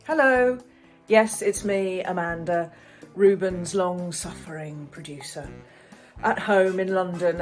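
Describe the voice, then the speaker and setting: A woman with a lowish voice does a playful, self-mocking warm-up from home. Faint guitar music plays behind her. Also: slow pace. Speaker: podcast producer. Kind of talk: casual scripted warm-up.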